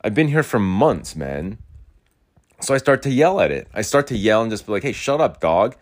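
Low-voiced young man ranting casually. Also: sing-song, moderate pace. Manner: ranting, swears often, repeats himself. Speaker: podcast host. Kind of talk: rambling casual monologue. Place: rural home, in and out of doors.

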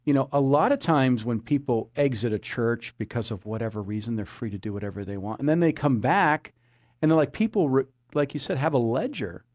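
A man's voice: mid-range voice, expressive, a little fast, a little mellow, no room sound, clean studio sound. A man preaching a sermon as a pastor, earnest, often repeating his phrases and citing scripture.

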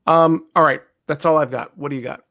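Guy cohosting a podcast, gravelly voice, bit higher pitched, laughs a lot and rambles. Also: steady tone, a little fast, a bit bright. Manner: laughing, joking, asks rambling questions. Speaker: podcast co-host. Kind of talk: casual chat.

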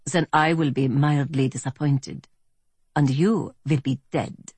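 A woman's voice: extremely low pitch, steady tone, slow, darkish tone, husky, no room sound, full character voice. A woman voicing a suave, menacing middle-aged German man, speaking coolly and politely with a German accent. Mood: cool menace. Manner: cool, polite, threatening.

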